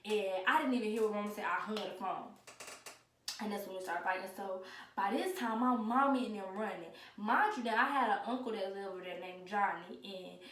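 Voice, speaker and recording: Young woman, lively storyteller who acts out quoted voices, recorded a little off-mic with faint noise. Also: medium pitch, a little fast, distant mic. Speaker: vlogger. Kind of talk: casual storytime. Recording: echoey room, away from the mic, faint noise.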